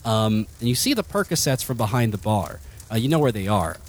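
A man's voice: lowish voice, big pitch swings, fairly quick, slight background noise. A man narrating a tabletop game as game master, rambling with many fillers and frequent laughs.

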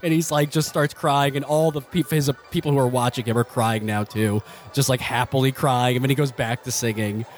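A man's voice: mid-range voice, fairly even intonation, a little fast, few pauses. Rambling male game master. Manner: rambling, full of fillers and restarts. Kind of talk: narrating a tabletop game.

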